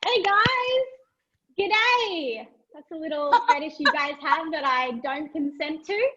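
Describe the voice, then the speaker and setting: A woman's voice: sits high, moderate pace, background noise. An Australian woman doing a stand-up set, self-mocking and playful, laughing between her jokes. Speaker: stand-up comedian. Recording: dull lo-fi stage recording.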